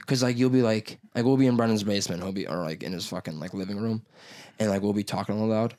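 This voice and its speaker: A man's voice: fairly low pitch, quick pace, a little mellow. A young man telling a story in casual chat, rambling, swearing often and acting out what people said. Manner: rambling, swears a lot, acts out quotes.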